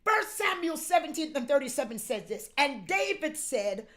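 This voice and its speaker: A woman pastor preaching a sermon, repeating lines and calling on the congregation to answer back, moving between hushed urging and shouted exhortation. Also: sits high, big pitch swings, normal speed, few pauses. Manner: call-and-response, repeats phrases.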